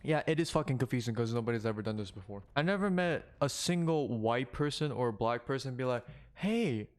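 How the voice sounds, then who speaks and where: A young man from Korea gives loud, blunt reaction commentary, swearing freely and laughing between points. His voice sits at an ordinary middle pitch for a man. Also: expressive, quick pace. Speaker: commentary YouTuber.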